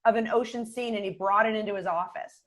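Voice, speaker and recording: A middle-aged woman speaking as a podcast guest, a communication coach who talks in a calm, measured way and often drops to a quiet voice. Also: mid-range voice. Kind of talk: conversational podcast interview.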